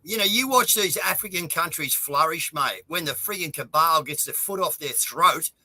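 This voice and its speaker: Fired-up Australian man, bright and sharp. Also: on the high side, animated, moderate pace, rough recording. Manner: fired-up, ranting, swears. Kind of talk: casual chat.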